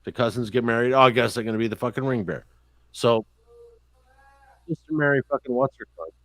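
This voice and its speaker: A man tells stories on a podcast in loose, casual chat, swearing freely and acting out what others said. His voice sits at an ordinary middle pitch. The recording is dry, with little room sound. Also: fairly quick, no room sound. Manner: profane, animated storyteller. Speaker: podcast host.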